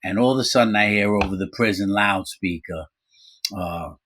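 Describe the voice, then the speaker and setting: A middle-aged man casually telling a story from his own life, animated, acting out quoted voices, with frequent fillers. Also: fairly low pitch, fairly quick, slight background noise. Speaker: storyteller recounting his prison time.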